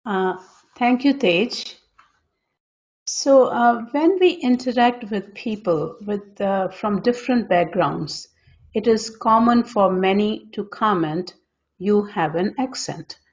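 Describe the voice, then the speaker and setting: A woman's voice: medium pitch, takes it slowly, a little mellow, muffled recording. A woman co-hosting a podcast, asking questions hesitantly with fillers. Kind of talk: podcast interview.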